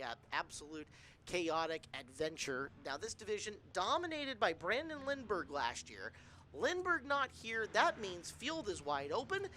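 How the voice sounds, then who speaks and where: A man's voice: sits high, slight background noise. A man commentating on a racing broadcast, hyping the next event with a joking manner. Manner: lively, joking hype. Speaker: race commentator.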